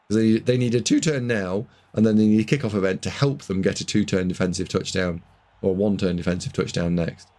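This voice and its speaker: A man casting a video game match, excitable, jumping from loud shouts to muttered asides. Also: fairly low pitch. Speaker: game caster.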